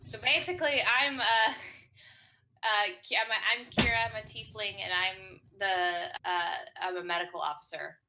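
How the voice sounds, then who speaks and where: A woman's voice: mid-range voice, steady tone, measured pace, very noisy. A young woman chatting as a player in a tabletop game, giggly and hesitant. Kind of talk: casual chat during a tabletop game.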